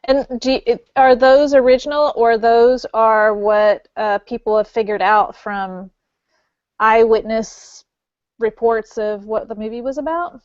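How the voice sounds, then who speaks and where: Young woman on a podcast, talks real slow, kinda high voice, muffled. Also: steady tone, darkish tone, clear, resonant tone, dry recording. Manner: curious, asks questions, laughs along. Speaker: podcast co-host. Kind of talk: casual chat.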